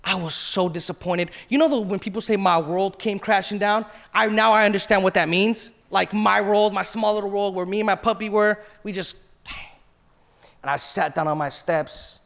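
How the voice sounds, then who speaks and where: A man's voice: high voice, steady tone, moderate pace, vocal fry, a bit bright. A man in his thirties, a pastor, giving an emotional personal testimony in a church sermon. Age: 30s. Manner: emotional, confessional, quotes himself and others.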